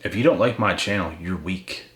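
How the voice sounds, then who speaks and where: A man's voice: deep voice, normal speed, a bit bright. A man giving a blunt, profane, confrontational motivational rant straight at his viewers. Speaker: motivational channel host. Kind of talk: ranting motivational monologue. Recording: echoey room with faint noise.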